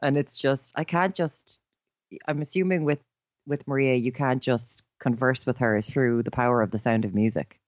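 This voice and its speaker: A woman's voice: rumbling low, fairly even intonation, normal speed, a little mellow, no room sound, muffled recording. A woman co-hosting a podcast in casual chat, adding playful, jokey asides. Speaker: podcast co-host.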